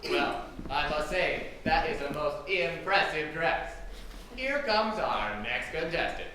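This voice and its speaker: A hammy, clueless male pageant announcer, played by a man on a community stage. He cracks corny jokes in a high voice that leaps all over the place. The sound comes from far away in an echoing hall, with loud noise underneath. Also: slow pace. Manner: jokey, hammy, excitable. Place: theater stage. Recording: echoey hall, distant and noisy.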